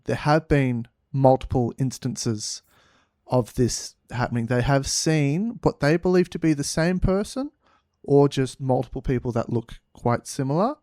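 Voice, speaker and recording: A man co-hosting a podcast, improvising a comic story, halting and repeating words playfully. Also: medium pitch, darkish tone, dry recording, clean studio sound. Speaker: podcast co-host.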